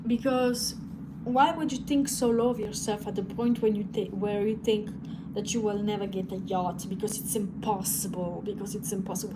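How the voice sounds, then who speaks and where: A woman's voice: a little high, heavy background noise. A woman on a live stream, ranting casually in a blunt, profane way.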